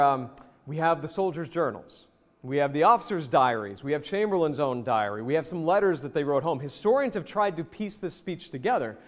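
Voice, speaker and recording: A man from the American South giving a jokey, animated leadership presentation and talking straight to the audience in a hotel event hall. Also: a little high. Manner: lively, jokey, addresses the audience directly. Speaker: leadership speaker. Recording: long reverb in a hotel hall.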